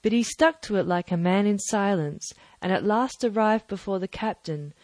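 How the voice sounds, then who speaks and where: A woman's voice: medium pitch, dry recording. Woman narrating an audiobook, dry sound. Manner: measured, even storytelling. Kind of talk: scripted narration.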